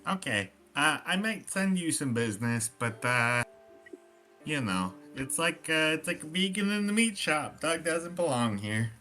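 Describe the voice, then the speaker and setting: A man's voice: on the high side, sing-song, unhurried, sharp tone, faint music behind. A man playing a tabletop game in character, talking casually and hesitantly. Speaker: player.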